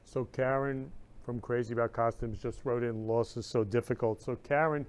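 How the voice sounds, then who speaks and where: An emotional, effusive man hosts a live-streamed talk show and reads viewer comments out loud. His voice sits in an ordinary middle pitch for a man, and he talks in a loose, heartfelt way. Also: fairly even intonation, normal speed, clean tone. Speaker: show host.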